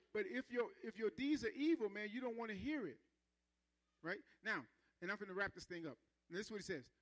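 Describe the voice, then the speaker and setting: A man preaching a sermon, stretching out key words and having the congregation repeat after him, then dropping to low asides. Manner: emphatic, drawn-out stresses, calls on the congregation to repeat; swings between loud proclaiming and low soft asides.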